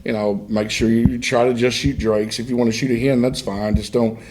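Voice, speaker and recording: A man's voice: mid-range voice, flat delivery, fairly quick, darkish tone. A middle-aged man, a guest on a podcast, telling hunting stories in a rambling, self-interrupting way and laughing through them. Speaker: guest, duck hunter. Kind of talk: casual storytelling in a podcast interview.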